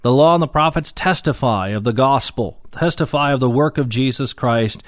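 A man's voice: mid-range voice, normal speed, no echo, studio quality. A man preaching a Bible lesson, reading scripture aloud and explaining it plainly with frequent fillers. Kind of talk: Bible teaching sermon.

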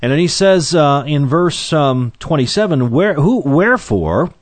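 A man teaching through a Bible passage verse by verse. He reads scripture aloud in King James wording and talks between verses in a loose, conversational way, pausing on "uh" and repeating words. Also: on the high side, very animated, no room sound.

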